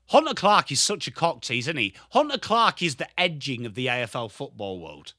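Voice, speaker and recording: A young Englishman with an English accent hosting a live football watchalong stream, excitable and sweary, rattling off player names, tired from little sleep. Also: medium pitch, normal speed, hardly any pauses, no echo, clean studio sound. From England. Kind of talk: live commentary and chat stream.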